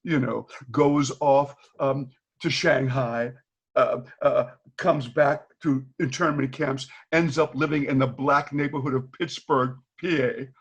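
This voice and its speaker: Gravelly older man telling lively stories. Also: medium pitch, a little slow. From Boston. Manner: animated storyteller, acts out quoted dialogue, laughs often. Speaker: retired teacher, guest. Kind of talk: candid storytelling in a video call. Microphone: video call.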